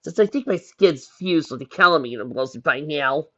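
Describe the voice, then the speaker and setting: A man putting on a bedridden teenage girl from a read-aloud fan fiction, her voice pushed high and lively, sliding around as she snarks. The sound is a dull, lo-fi home recording. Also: moderate pace, no echo. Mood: sarcastic. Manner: high, snappy and sarcastic. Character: sick, sarcastic teenage girl stuck in bed.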